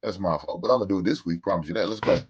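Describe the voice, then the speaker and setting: A man's voice: low voice, very fast, breathy edge, highs cut off. A man in his forties hosting a casual live stream, talking loosely and profanely, laughing and reading out comments from his chat. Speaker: podcast host.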